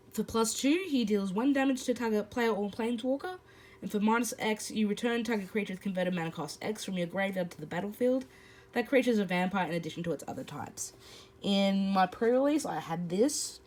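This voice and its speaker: A woman's voice: medium pitch, brisk, a little mellow, low-quality recording. A woman hosting a card-opening video, reading card text and then chatting about each card, with some fillers. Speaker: host. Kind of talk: casual card-opening commentary.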